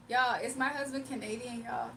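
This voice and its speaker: A woman's voice: on the high side, creaky, pushed and bright, recorded from a distance, slight background noise. A young woman hosting a casual livestream, playful and laughing as she talks to her chat. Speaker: livestream host.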